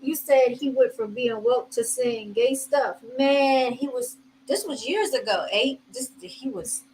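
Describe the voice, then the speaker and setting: A woman's voice: high voice, measured pace, darkish tone, slight background noise, low-quality recording. A woman hosting a casual commentary vlog, chatty and laughing, talking straight to her viewers. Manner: chatty, addresses viewers as y'all, laughs often. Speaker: host commenting on video clips.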